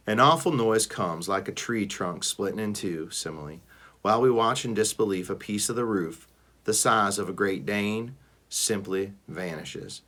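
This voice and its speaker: A man, a teacher, reading a first-person animal novel aloud with expressive delivery. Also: lowish voice. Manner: expressive, shifts between voices.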